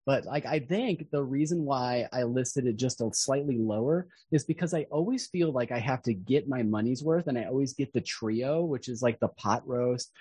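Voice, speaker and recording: A man with a slightly husky voice chats in an upbeat way, filling his talk with "like". The sound is dry and close. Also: mid-range voice, normal speed, few pauses, warm tone, no echo. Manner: chatty, upbeat, lots of "like". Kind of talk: casual chat.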